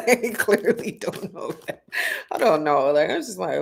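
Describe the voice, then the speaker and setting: A woman's voice: lowish voice, lively intonation, unhurried, gravelly, a little hiss or hum. Blunt, cursing woman talking spirituality. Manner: blunt, profane and slangy, talking straight to viewers; emphatic, repeats herself for stress. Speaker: spiritual content creator. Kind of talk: casual livestream talk to viewers.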